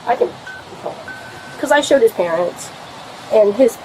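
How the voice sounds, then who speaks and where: A woman's voice: on the high side, lively intonation, measured pace, a little mellow, a little hiss or hum, low-quality recording. A young woman giving a statement to police about an argument, rambling and swearing with many fillers, recorded on a body camera at a home. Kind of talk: recounting an argument to an officer.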